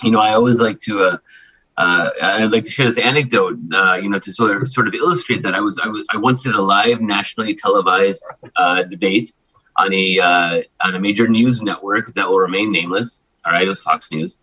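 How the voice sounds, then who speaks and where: A man in his forties from Chicago, a human rights attorney speaking as an interview guest, talking emphatically in fast-flowing runs with frequent restarts. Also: lowish voice, steady tone, pushed and bright, husky, highs cut off. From Chicago, United States. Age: 40s. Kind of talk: candid interview talk.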